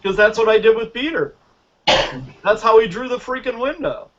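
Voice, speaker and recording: A man teaching magic as a guest, telling stories in a casual, animated way and acting out the dialogue. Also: high-pitched, moderate pace, lo-fi sound. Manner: animated, acts out dialogue in quotes. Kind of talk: casual storytelling lesson.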